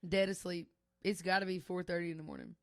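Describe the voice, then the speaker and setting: This young woman talks fast in a lowish, gravelly voice, recorded clean in the studio with no room sound. She co-hosts a casual podcast chat, telling stories with lots of animation and laughter.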